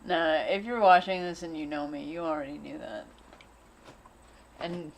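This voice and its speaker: On a self-filmed camera, a woman with a low voice rambles anxiously in an unscripted vlog, looping back to the same phrases. She keeps a moderate pace, with slight background noise.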